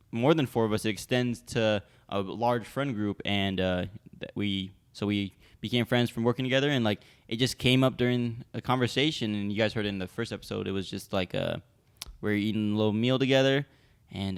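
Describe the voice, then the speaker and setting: A man's voice: mid-range voice, clear, resonant tone. A young man co-hosting a casual podcast with friends, telling a story in a loose, rambling way full of slang and restarts. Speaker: podcast co-host. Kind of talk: casual chat among friends.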